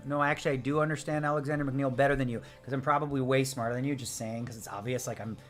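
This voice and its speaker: A man's voice: medium pitch, fairly even intonation, fast talker. A man talking casually while streaming a poker game. He is brash and playful, tossing off jokes and replying to viewer comments in an easygoing mid-range voice. Faint music plays behind him. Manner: brash, joking, answers viewer chat. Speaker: poker player live-streaming. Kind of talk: casual live-stream chat. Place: home streaming setup.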